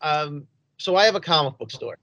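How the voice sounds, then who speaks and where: A man's voice: fairly high pitch, lively intonation, normal speed, sharp tone, no room sound. A man co-hosting a podcast, telling a casual anecdote with easy laughs. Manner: easygoing anecdote teller, laughs at his own stories. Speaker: podcast co-host.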